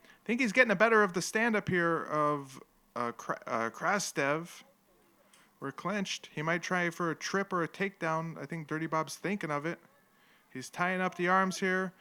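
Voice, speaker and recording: A man's voice: a little high, moderate pace, sharp tone, clean tone. A man hosting a live stream, casually commenting on an old fight with jokes, rambling asides and frequent laughter. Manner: rambling, joking, laughs often. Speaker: livestream host.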